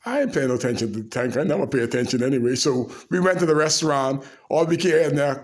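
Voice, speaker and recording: A man telling animated, laugh-filled anecdotes to the camera in a casual way. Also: mid-range voice, fast, few pauses. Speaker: storyteller.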